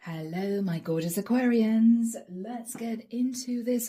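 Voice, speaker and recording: Hoarse woman giving a tarot reading. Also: a little high, slow, few pauses, mellow. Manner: musing, speaks directly to each sign by nickname. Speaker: tarot reader. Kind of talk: channeled tarot reading to viewers.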